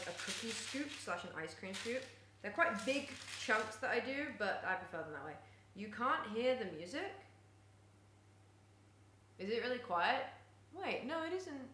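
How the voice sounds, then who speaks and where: A young woman live-streaming while she bakes at home, chatting casually and often cooing at her cat in a high sing-song voice. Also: noisy background. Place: home kitchen. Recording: echoey kitchen room sound.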